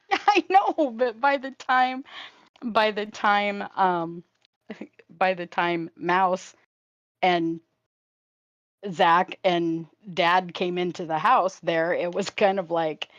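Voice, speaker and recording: Older woman, livestream co-host, low warm-chat register, laughs a lot; dry, slightly muffled home audio. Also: very slow, pauses often, no room sound. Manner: chatty storyteller, laughs often. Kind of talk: casual chat with a sibling on a livestream.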